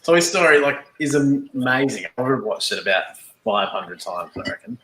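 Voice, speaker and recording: A man's voice: medium pitch, very animated, normal speed, fairly bright tone, reverberant, a little hiss or hum, poor audio. A man with an Australian accent chatting enthusiastically on a livestream with friends, laughing often. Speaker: livestream co-host. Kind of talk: casual group chat on a livestream.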